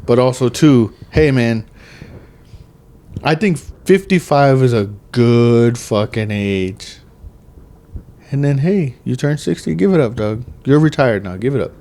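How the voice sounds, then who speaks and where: Podcast host, man in his thirties, profane and rambling, mid-pitched voice, casual banter. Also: animated, a little slow, mellow. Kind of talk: casual chat.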